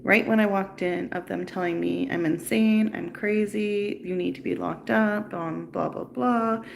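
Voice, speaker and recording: A woman talks into her livestream, recounting what happened to her. She sounds upset and bitter, and her voice has a gravelly, creaky edge. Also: medium pitch, fairly even intonation, unhurried. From Canada. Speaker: livestream host. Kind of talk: personal storytelling livestream.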